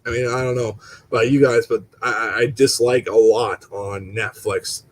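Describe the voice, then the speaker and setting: A young man talking straight to his viewers in a loose, profane rant. His mid-range voice leaps up sharply whenever something annoys him, then settles back into easy chat. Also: moderate pace. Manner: profane, animated, jumps pitch when exasperated. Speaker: channel host.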